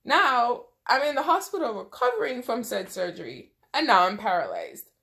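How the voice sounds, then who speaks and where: A woman's voice: on the high side, big pitch swings, normal speed, vocal fry, pushed and bright. A young woman telling a personal storytime, emotional and close to tears, acting out what people said. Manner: emotional, tearful retelling with quoted dialogue. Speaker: vlogger. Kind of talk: storytime vlog.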